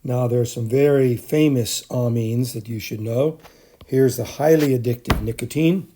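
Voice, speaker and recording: A man's voice: mid-range voice, normal speed, dark tone. A middle-aged man giving a recorded chemistry lecture for a screencast, speaking off the cuff with frequent fillers and restarts. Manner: unscripted, many fillers and restarts. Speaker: chemistry teacher.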